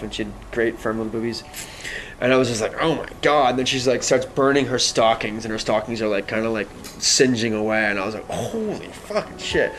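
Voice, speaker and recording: A man's voice: mid-range voice, fairly bright tone. A man telling a long personal story in a casual, rambling way, full of fillers and acted-out quotes.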